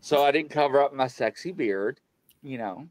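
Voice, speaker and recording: A man's voice: normal speed, dry recording. A man telling a paranormal story in casual chat, acting out the quotes with big jumps in his voice. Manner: animated, acts out quotes with big pitch jumps. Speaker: paranormal show guest telling stories.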